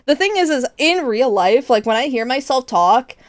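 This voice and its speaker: Laughing, expressive young woman streamer. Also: high-pitched, normal speed, no room sound, studio quality. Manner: expressive, laughs often, swears casually. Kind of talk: casual chat with viewers.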